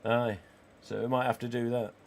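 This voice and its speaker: A man, croaky today, hosting a live stream and chatting cheekily with viewers. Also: mid-range voice, flat delivery, moderate pace, a little hiss or hum. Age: 40s. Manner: chatty and cheeky, with casual swearing. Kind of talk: casual livestream chat reading viewer comments.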